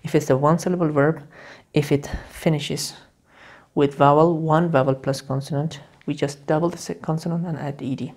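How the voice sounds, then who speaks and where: Low-voiced woman teaching grammar. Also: steady tone, a little mellow. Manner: repeats key words over and over, drilling step by step; halting, with restarts and fillers while explaining. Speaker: English teacher. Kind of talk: explaining grammar rules in a video lesson.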